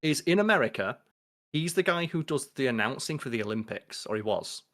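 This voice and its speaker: Podcast co-host, lively, profane, acts out quotes in character voices. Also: male voice, mid-range voice, brisk. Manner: animated, swears freely, acts out quoted lines. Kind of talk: casual podcast chat.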